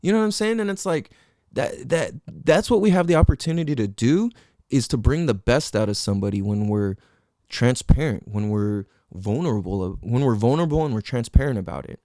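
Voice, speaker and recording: A man's voice: medium pitch, fairly quick, dry recording, clean studio sound. A young man hosting his own podcast, talking casually in slangy, profane speech and acting out friends' lines. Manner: animated, profane, slangy, acts out quotes of friends. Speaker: podcast host. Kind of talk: casual solo podcast monologue.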